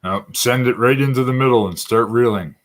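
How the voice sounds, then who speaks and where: A man's voice: medium pitch, a little fast. A man chatting casually as a guest angler on a live stream, laid-back and chuckling. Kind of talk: casual chat.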